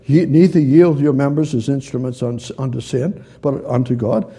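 Male preacher, sermon, very dark tone, husky, repetitive, asks questions, reads scripture. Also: a little high, animated, normal speed. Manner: gestures with hands while teaching.

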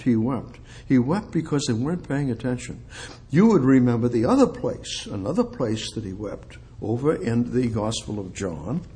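A man preaching an expository sermon, reading scripture aloud as he goes. His delivery swings from loud, emphatic peaks down to low, quiet stretches.

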